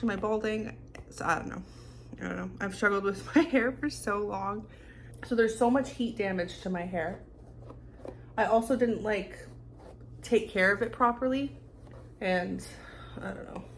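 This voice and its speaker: A woman's voice: mid-range voice, a little hiss or hum. A young woman talking casually in a home vlog, rambling with lots of "like" and restarts. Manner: rambling, many fillers and restarts. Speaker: vlogger. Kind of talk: casual confessional vlog talk. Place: home kitchen.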